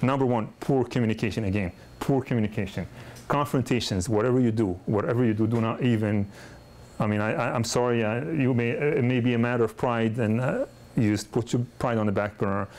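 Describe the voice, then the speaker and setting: A man's voice: mid-range voice, fairly quick, a little mellow. A middle-aged man lectures other dentists in a loose, conversational way. He often restarts his sentences and repeats words as he tells stories from his practice. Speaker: pediatric dentist teaching a course. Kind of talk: lecture with personal anecdotes.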